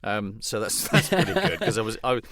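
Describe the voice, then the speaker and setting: A man's voice: lowish voice, very animated, brisk, a bit bright, no echo. A middle-aged man hosting an interview, asking questions hesitantly with plenty of fillers. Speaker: podcast host. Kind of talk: conversational interview.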